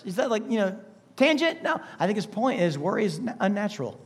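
A man preaching a sermon with an emphatic delivery, full of rhetorical questions, swinging between loud bursts and hushed asides. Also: high voice, animated, a little fast, breathy edge. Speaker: pastor.

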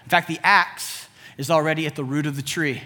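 A man preaching a sermon with humor, swinging between loud emphasis and low asides. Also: fairly even intonation, fairly quick. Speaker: pastor.

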